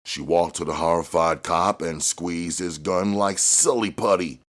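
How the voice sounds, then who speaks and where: A man narrating an action novel aloud in a measured way that climbs on dramatic moments. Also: sits low, steady tone, a bit bright. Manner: measured, rising on action beats. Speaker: audiobook reader.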